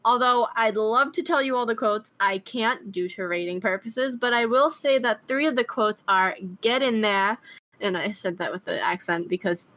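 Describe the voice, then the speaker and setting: A woman's voice: a little high, normal speed, hardly any pauses, a bit bright. A woman hosting a casual podcast chat with friends, easygoing and chatty. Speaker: podcast host.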